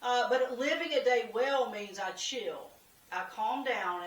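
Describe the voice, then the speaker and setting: A woman giving a relaxed devotional talk, her voice a touch higher than most. She chats with easy humor, pokes fun at herself and urges listeners on directly. The room sounds echoey and she is a bit off the mic. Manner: chatty and humorous, laughs at herself; encouraging, speaks straight to listeners. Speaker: devotional host. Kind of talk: casual weekly devotional talk. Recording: roomy, from a distance.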